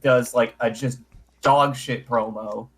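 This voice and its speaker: A man's voice: medium pitch, steady tone, takes it slowly, breathy edge. A man co-hosting a casual podcast, recapping an old wrestling episode with dry sarcasm. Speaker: podcast co-host.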